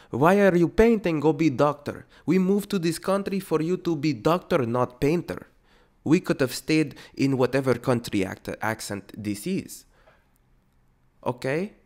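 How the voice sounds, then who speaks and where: A man putting on a shrill scolding immigrant parent. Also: full character voice. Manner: shouting, repetitive scolding in broken speech. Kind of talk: comedic rant impression.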